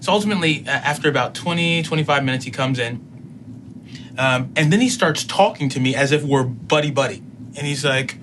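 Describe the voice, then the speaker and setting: A man's voice: fairly high pitch, lively intonation, noisy background. Man in his thirties recounting a story. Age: 30s. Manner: measured, recounting events with quoted dialogue. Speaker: interviewee. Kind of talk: storytelling in an interview.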